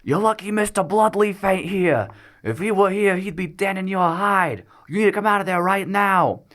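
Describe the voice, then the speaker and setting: Man voicing high, shouty gnome gang boss, bossy and angry, threatening. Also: moderate pace. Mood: yelling angrily. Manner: yelling threats.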